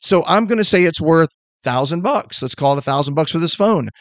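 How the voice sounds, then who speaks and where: A middle-aged man hosting a sales podcast, giving an energetic motivational talk in a fast, emphatic and blunt way. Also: a little high, dry recording.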